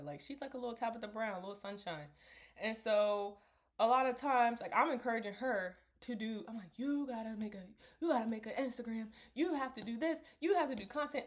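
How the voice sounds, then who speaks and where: Chatty young woman vlogger, slightly high voice. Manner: rambling, reflective, laughs often. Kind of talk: casual talk to camera.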